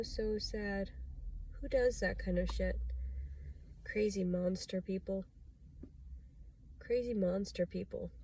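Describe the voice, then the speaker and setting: A woman's voice: mid-range voice, gravelly, a little mellow, a little hiss or hum. A woman talking straight to camera in a confessional vlog, rambling and agitated, swearing often. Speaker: vlogger.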